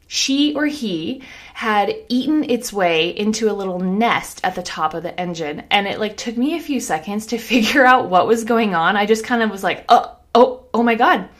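A woman in her thirties hosting a podcast, telling a story in a casual, animated way, laughing often and saying "like" a lot. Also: medium pitch. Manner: animated, laughing, heavy use of "like". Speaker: podcast host.

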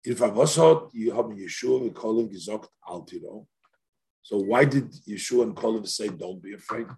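A man teaching Torah speaks at normal speed in a lowish, slightly mellow voice with vocal fry. During the text-study lesson he reasons through questions out loud, rising in pitch as he asks, and mixes in Yiddish and Hebrew.

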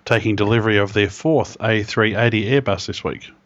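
A man's voice: lowish voice, a little fast, dry recording. A man co-hosting a podcast, reading aviation news in a jokey, casual way and laughing often. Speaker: podcast co-host. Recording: dull lo-fi podcast audio.

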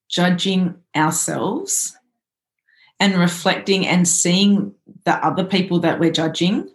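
A woman's voice: lowish voice, expressive, slow pace. A woman coach in casual conversation, earnestly telling stories about her clients. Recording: roomy echo.

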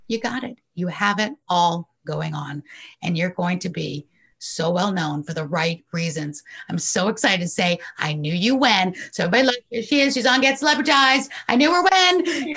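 A woman's voice: lowish voice, vocal fry, a bit bright. A woman hosting a podcast who talks in an effusive, encouraging, emphatic way. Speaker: podcast host. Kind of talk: upbeat interview wrap-up.

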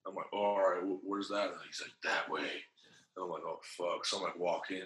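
A deep-voiced man tells a long story in casual, slangy, profane language, his tone steady and his pace a little fast, full of fillers. He acts out other people's lines in altered voices, and the rough recording is roomy with crowd noise.

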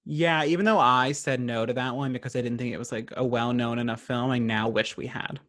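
Young man chatting, sarcastic and quick. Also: medium pitch, steady tone, a bit bright. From Virginia, USA. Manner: sarcastic, quick comic asides. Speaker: podcast co-host. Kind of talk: casual chat.

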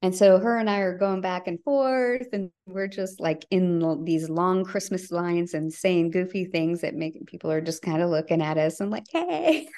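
A middle-aged woman, a podcast guest, telling a personal family story earnestly and acting out the dialogue, her voice sinking low at the heavy parts. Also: a little mellow. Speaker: podcast guest, bereaved mother.

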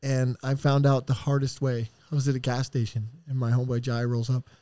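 A middle-aged man, a podcast guest, telling a painful personal story in a raw, profane and heartfelt way, with sighs and halting restarts. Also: medium pitch, monotone, dark tone, no echo.

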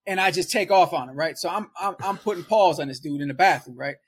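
A young man is the guest in a conversation and tells a long story. His voice sits high for a man and has a husky edge. He talks fast and rambles, dropping "like" and "right?" again and again. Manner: loose rambling delivery with frequent "like" and "right?". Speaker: interview guest.

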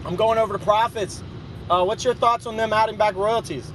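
A man with a high, light voice hosts a loose live audio chat. He talks in a joking, sarcastic way. Faint noise hums behind him. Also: fairly even intonation, a little fast, a bit bright, rough recording. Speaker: host.

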